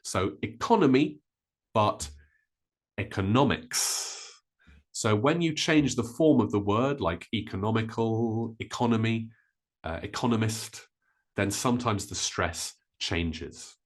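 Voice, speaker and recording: A man teaching a vocabulary lesson, modelling each word slowly and carefully. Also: on the low side. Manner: slow, careful, with drawn-out model words. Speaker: English teacher.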